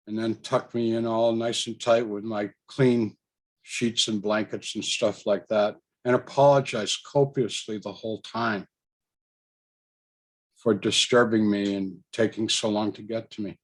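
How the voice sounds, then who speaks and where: Speaking a little slowly in a lowish, level voice, this man recounts something that happened to him. His telling is loose and casual, full of fillers and restarts, with chuckles breaking up his thoughts.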